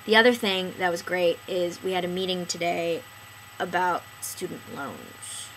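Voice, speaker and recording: A young woman in her early twenties chats straight into the camera, her pitch leaping all over the place. Her tone is bright and sharp, and she keeps switching between excited outbursts and hushed asides. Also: slight background noise, poor audio. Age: early 20s. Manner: animated, chatty, swings between excited bursts and quiet asides. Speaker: vlogger. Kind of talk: casual vlog monologue.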